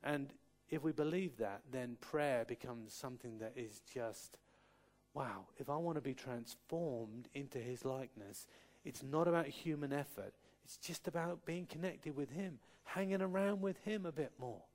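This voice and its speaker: A man's voice: mid-range voice, moderate pace, a little mellow. A man from Cornwall preaching a sermon, earnest, with light humorous asides and frequent restarts. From Cornwall, England.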